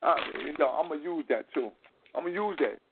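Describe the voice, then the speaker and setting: A man's voice: fairly high pitch, fairly quick, noisy background. Man telling a profane story over tinny sound. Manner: profane, animated street-slang storytelling. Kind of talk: casual storytelling chat.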